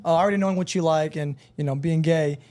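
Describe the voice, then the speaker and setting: A man's voice: fairly high pitch, fairly even intonation, fast talker, mellow. A man hosting a podcast, asking long questions that he rephrases as he goes. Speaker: podcast host. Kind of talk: casual chat.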